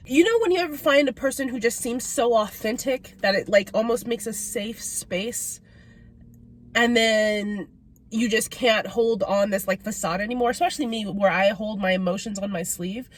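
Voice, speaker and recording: A young woman vlogger telling a candid, emotional story at home, with many "like" fillers. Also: fairly high pitch. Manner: confiding, emotional, lots of "like" fillers. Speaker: mukbang vlogger. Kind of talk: candid storytime while eating. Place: home, late night.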